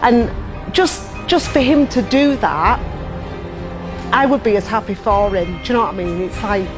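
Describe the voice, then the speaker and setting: A woman's voice: medium pitch, moderate pace. A woman, speaking heartfelt and emotional in an interview about her husband's racing. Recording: music underneath.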